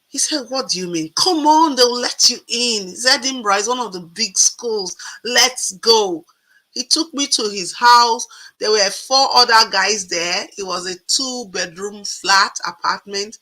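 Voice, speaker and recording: A woman in her forties telling a personal story in a casual, animated way, acting out the people she quotes. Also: on the high side, measured pace, rough recording. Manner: animated, acts out quoted voices.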